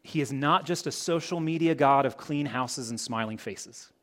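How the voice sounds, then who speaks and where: A man's voice: mid-range voice, moderate pace, a bit bright. A man preaching a sermon to a congregation, asking the listeners rhetorical questions. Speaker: pastor.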